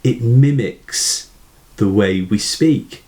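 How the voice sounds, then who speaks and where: A man teaching poetry in a measured way, asking rhetorical questions and reading verse slowly aloud. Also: lowish voice, darkish tone. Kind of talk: explanatory lesson.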